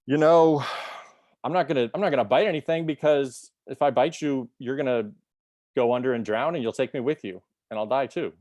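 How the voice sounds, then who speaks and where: A man's voice: mid-range voice, a little fast, a little mellow, natural voice. A man voicing a sly male spider in a fable he tells, in a casual, pleading way. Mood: coaxing.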